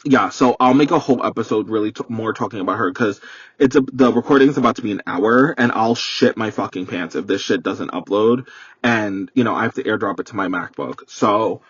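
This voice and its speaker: A man's voice: lowish voice, brisk, slightly rough, dry recording. A young man from New York hosting a solo podcast from his parked car, telling a story in a profane, rambling, dramatic way. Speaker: podcast host. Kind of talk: casual solo storytelling rant. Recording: dull, muffled sound.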